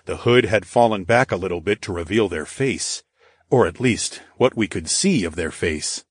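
An audiobook narrator reads scripted material in a steady, low, husky male voice at a moderate pace. The studio recording is clean, with no room sound.

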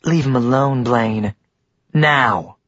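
A man's voice: mid-range voice, slow, fairly bright tone, no echo. A man voicing a fiery young female college student who protests sharply and urgently. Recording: dull dry muffled recording.

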